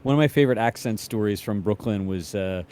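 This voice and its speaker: Relaxed man telling an anecdote. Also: lowish voice, a little fast, a little hiss or hum. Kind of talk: casual storytelling chat.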